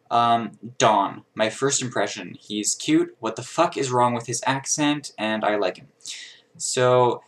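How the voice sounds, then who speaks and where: A man's voice: fairly low pitch, a bit bright. A young man chatting casually to his camera in a bedroom, playful and self-mocking. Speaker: vlogger. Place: small bedroom being emptied.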